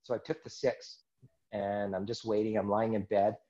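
A man with a fairly low voice tells a personal story as a podcast guest. He speaks earnestly and acts out the thoughts he had at the time. The recording sounds dull and lo-fi. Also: flat delivery, normal speed, warm tone. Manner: earnest, acts out his own inner dialogue.

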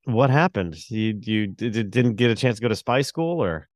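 A man's voice: lowish voice, animated, moderate pace, no echo, clean studio sound. A man hosting a podcast, asking his guest questions and telling his own travel stories in a friendly way. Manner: friendly storyteller, asks questions. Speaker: podcast host. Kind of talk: casual interview.

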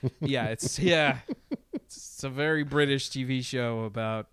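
A man's voice: medium pitch, a little slow, a bit bright, smooth, no echo, studio quality. A man chatting casually about a TV show, hesitant, stumbling through restarts as he thinks aloud. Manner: hesitant, many restarts and fillers. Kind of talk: casual review chat.

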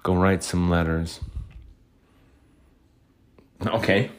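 Man from Utah, lowish voice, rambling profane solo rant, fed up. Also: steady tone, extremely slow. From Utah, USA. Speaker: podcaster.

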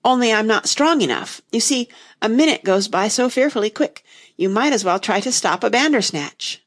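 A woman voicing a fussy, excitable old king in a high, fretful voice. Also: moderate pace.

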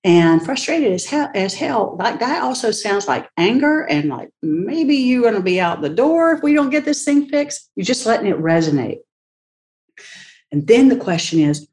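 A woman's voice: medium pitch, very animated, normal speed, a little mellow. A woman speaking as a leadership expert in an interview, talking animatedly, acting out quoted voices and laughing often. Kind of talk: conversational interview talk.

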